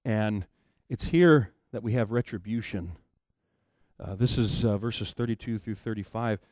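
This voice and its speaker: A man preaching a sermon in a casual storytelling way, swinging from low murmurs to loud emphatic bursts. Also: no room sound, studio quality. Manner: casual storytelling, acts out characters in quick asides. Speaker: pastor.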